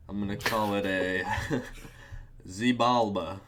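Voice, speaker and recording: A young man with a very deep voice chats loosely on a podcast, joking and letting his sentences trail off. A faint hum of background noise sits under his voice. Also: steady tone, slow. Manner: laid-back, joking, trails off mid-sentence. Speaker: podcast co-host. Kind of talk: casual chat.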